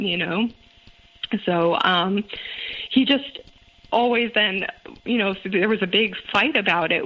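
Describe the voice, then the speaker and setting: A woman's voice: medium pitch, lo-fi sound. A young adult woman recounting her own experience in a casual, hesitant way, full of fillers and restarts. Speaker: guest. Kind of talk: casual personal account.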